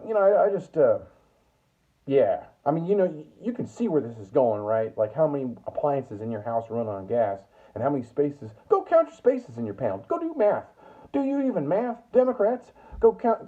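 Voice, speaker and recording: On the high side with a breathy edge, a man's voice carries a profane political rant riddled with stammering restarts. He's a commentator in the US Northwest, recorded with tinny, phone-like sound.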